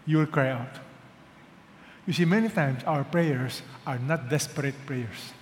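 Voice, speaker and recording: A man preaching a sermon as pastor, swinging from urgent, loud peaks to hushed lows and asking his listeners questions. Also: a little slow. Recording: reverberant hall with faint background noise.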